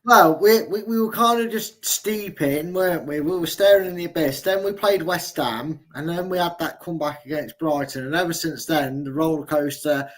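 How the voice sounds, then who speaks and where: Bloke, cohost, jokey rambling takes, slightly high voice. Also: male voice, moderate pace, hardly any pauses, fairly bright tone. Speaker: fan channel co-host. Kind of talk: casual live-stream chat.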